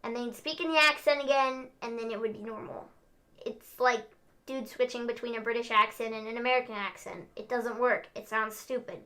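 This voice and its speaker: A young woman hosting a casual wrestling recap, opinionated and emphatic, quick to laugh. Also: on the high side, fairly even intonation, sharp tone. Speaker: host.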